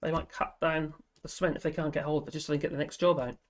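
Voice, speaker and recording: A man's voice: a little high, level tone, rapid-fire. Rambling man on a casual livestream. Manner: rambling, chatty, laughs often, trails off. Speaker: livestream host. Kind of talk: casual live chat reading viewer comments.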